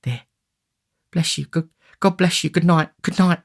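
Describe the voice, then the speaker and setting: A man's voice: on the high side, steady tone, a little slow, gravelly, pitched above the performer's own voice. A man voicing a frightened young woman of the streets in an audiobook, pleading and tearful.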